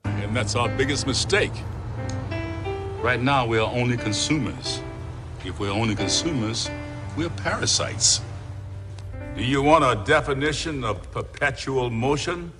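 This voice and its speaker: A man's voice: mid-range voice, unhurried, long pauses, over music, lightly acted. An actor playing a fiery older preacher who lectures his congregation in a stern, mocking way, in a film scene. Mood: stern sermonizing. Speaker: pastor. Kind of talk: film drama acting. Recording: film audio with long reverb and score.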